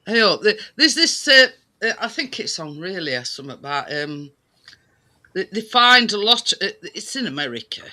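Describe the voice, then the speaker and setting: A man retelling stories in a casual chat, rambling and halting with many fillers. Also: high voice, very animated, bright, forceful tone. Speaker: participant in a group chat.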